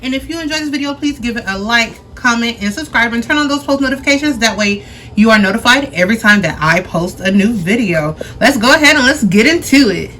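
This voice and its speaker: A woman's voice: fairly high pitch, animated, a little fast, bright, forceful tone, slight background noise. A young woman hosting a casual cooking vlog from her home kitchen, chatting straight to her viewers with easy slang. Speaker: cooking vlogger. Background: background music.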